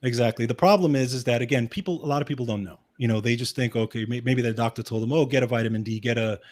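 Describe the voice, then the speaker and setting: A man's voice: mid-range voice, quick pace, a little mellow. A man with a Brooklyn accent, a health and wellness specialist explaining supplements in a casual chat. He talks in an explanatory way, often adding "okay" and restarting his sentences.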